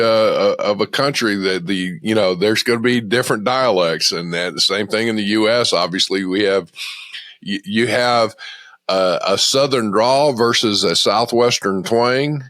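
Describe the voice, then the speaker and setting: Low-voiced matter-of-fact man. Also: moderate pace, fairly bright tone, no room sound. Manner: matter-of-fact, rambling with restarts. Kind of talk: casual discussion.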